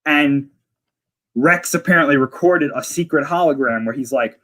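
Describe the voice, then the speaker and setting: A man's voice: on the high side, normal speed, fairly bright tone. A man in casual conversation, eagerly retelling scenes from a series in detail. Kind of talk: casual chat.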